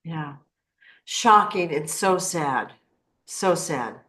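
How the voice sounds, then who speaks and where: A woman hosting a casual interview, often affirming her guest with a quick yeah. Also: sits low, expressive, bright, forceful tone. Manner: affirming, with frequent yeahs. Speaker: interview host.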